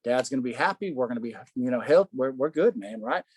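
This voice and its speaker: A man voicing carefree grown brothers who think they got away, in a relaxed, self-satisfied tone. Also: mid-range voice, fast talker, breathy edge, dry recording. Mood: smug. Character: carefree grown brothers heading home, smug.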